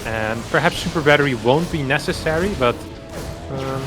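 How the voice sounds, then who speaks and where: A man casting a live esports match, chatty and swelling into excited play-by-play. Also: medium pitch, fairly quick, over music. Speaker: esports caster.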